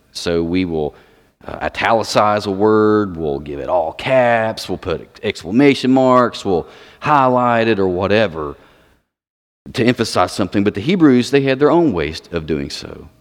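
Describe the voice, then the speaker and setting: A man delivers a sermon in a fairly low voice. He stresses key words by repeating them. The sound carries the long reverb of a large hall. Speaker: preacher.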